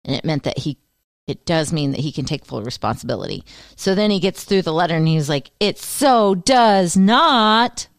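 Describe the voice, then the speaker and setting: A woman co-hosting a podcast, chatty and quick to laugh, telling stories in casual conversation. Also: deep voice, expressive, creaky, darkish tone, no room sound, studio quality. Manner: chatty, laughs often, storytelling. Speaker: podcast co-host. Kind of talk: casual chat.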